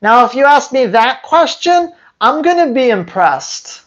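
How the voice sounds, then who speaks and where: A man's voice: extremely high pitch, big pitch swings, a little slow, fairly bright tone, highs cut off. Blunt, teasing man answering viewers live. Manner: blunt, rhetorical questions, teasing. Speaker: dog trainer and channel host. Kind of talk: live Q&A, reading viewer questions.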